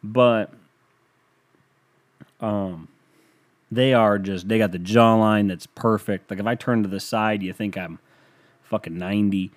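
A man's voice: fairly low pitch, fairly even intonation, unhurried, long pauses. Rambling, profane young man. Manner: rambling, profane, self-mocking. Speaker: podcast host. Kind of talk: casual podcast monologue.

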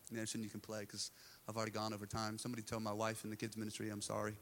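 A man's voice: fairly low pitch, completely flat delivery, very fast, a bit bright, faint music behind. A male pastor preaching to a live church congregation, telling a candid personal story with self-deprecating humor. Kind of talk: sermon.

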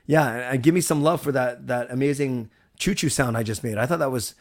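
A man hosts a live stream in a loose, rambling way, chatting straight to his viewers and thanking them. His voice sits at an ordinary middle pitch. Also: a little fast. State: recovered from a cold. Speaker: livestream host. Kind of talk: casual live-stream chat.

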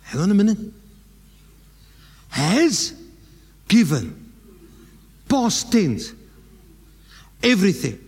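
A South African man preaches at a slow, deliberate pace, pressing each point home. His voice sits high. It rings out with the long reverb of a church hall. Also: very animated, creaky, darkish tone, slightly rough. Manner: emphatic preaching, slips in Afrikaans words. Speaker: pastor. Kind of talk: sermon.

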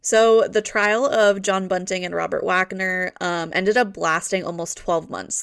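A woman's voice: fairly low pitch, vocal fry, a bit bright. A woman co-hosting a casual true-crime podcast, telling the case in a loose, chatty way with many fillers. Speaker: podcast co-host narrating the case.

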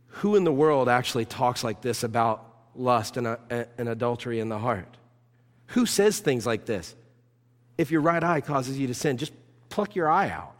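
A man, a pastor, preaching a sermon with impassioned, urgent exhortation. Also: medium pitch. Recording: long reverb of a church hall.

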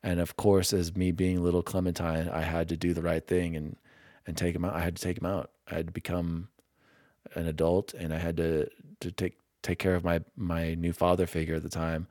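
A young man hosting a casual gaming podcast, openly sentimental and quick to laugh at himself. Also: sits low, flat delivery, a little mellow, no echo, clean studio sound. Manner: emotional, self-deprecating, quick to laugh. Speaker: podcast host.

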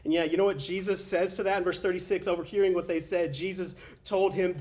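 A man's voice: sits high, fairly even intonation, fast talker, hardly any pauses, a little mellow. A man preaching a casual, conversational sermon as a pastor, often saying "man" and restarting his sentences. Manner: conversational, says "man" a lot, with frequent restarts.

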